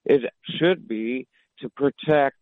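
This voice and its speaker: A man's voice: mid-range voice, slow pace, no echo. A man calling in to a talk stream, arguing insistently and talking over the host. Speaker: caller. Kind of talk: heated political call-in argument. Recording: tinny phone line.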